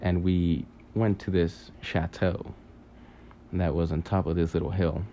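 A man telling a long dream story in a halting, rambling way, full of fillers, restarts and casual swearing. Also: sits low, flat delivery, mellow, muffled recording, a little hiss or hum. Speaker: podcaster recounting a dream.

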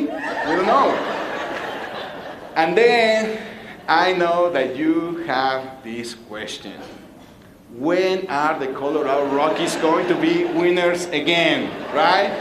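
A man's voice: a little high, echoey room, noisy background. A man preaching a sermon, playful and joking with his congregation. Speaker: pastor. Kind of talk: sermon with jokes.

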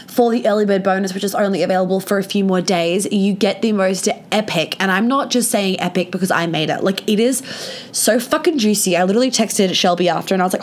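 A woman with a hoarse, sick voice from laryngitis, talking casually from bed as a podcast host, chatty and gushing, swearing freely. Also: mid-range voice. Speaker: podcast host and women's life coach. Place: in bed at home.

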